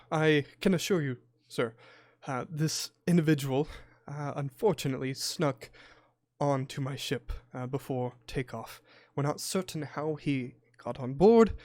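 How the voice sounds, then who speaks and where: A man's voice: fairly high pitch, a little mellow, no room sound, studio quality, lightly acted. A man playing a flustered, apologetic airship captain. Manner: flustered and formal, many hesitations. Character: apologetic middle-aged male airship captain. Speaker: game master.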